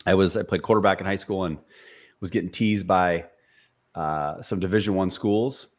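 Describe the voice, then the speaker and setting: Speaking at a normal speed, this very low-voiced guest in his forties, a sales speaker and author from around Seattle, shares stories in a podcast interview. His manner is earnest and motivational, with frequent sentence restarts and plenty of fillers.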